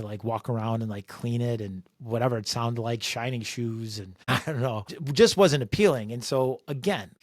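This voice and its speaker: Male author-host from Chicago, mid-range voice, casual animated storyteller. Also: mid-range voice, no room sound, clean studio sound. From Chicago, USA. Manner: animated, acts out dialogue, frequent fillers. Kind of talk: storytelling monologue. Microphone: close podcast mic.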